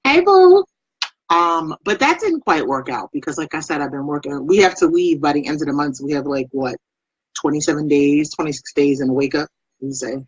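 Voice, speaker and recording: A woman's voice: deep voice, expressive, a little fast, breathy edge, dry recording, dull audio. A woman doing a chatty, rambling makeup live stream, greeting her viewers by name. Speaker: makeup vlogger and beauty product presenter. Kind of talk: casual live-stream chat.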